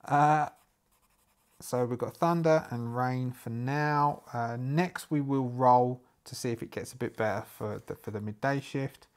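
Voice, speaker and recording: A man's voice: medium pitch, unhurried, smooth. Man from Ireland, casual solo-game narrator, rambling and thinking aloud, many fillers.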